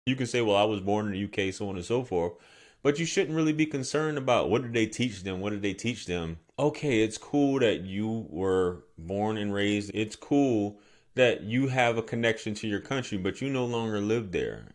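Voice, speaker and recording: Lower-voiced man giving reaction commentary. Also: animated, moderate pace. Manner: conversational, explanatory.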